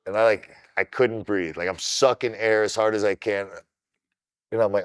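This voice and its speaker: A middle-aged man from Ohio, a kickboxer guest on a podcast, telling his story in an animated, casual way and swearing freely. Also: sits low, moderate pace, smooth, dry recording, studio quality.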